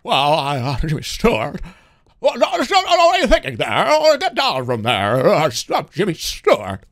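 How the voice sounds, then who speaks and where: A man doing an impression of a classic film leading man, with a halting, stammering, folksy drawl. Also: fairly high pitch, huge pitch swings, fairly bright tone, no echo, studio quality, exaggerated voice. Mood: flustered.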